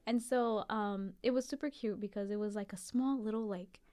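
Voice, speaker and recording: A young adult woman telling a story in a casual chat with friends. She is animated and giggly, and uses many fillers. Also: mid-range voice, normal speed.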